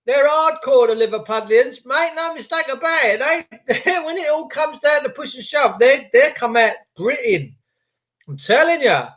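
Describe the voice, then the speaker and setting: A middle-aged man, podcasting in a blunt, animated rant and swearing freely. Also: extremely high pitch, unhurried. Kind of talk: ranting monologue.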